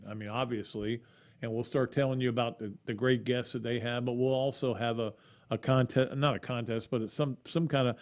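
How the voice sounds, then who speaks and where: A middle-aged man hosting a sports podcast in a loose, chatty monologue. His voice sits at an ordinary pitch for a man. He rambles along with restarts and side comments. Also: darkish tone. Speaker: podcast host.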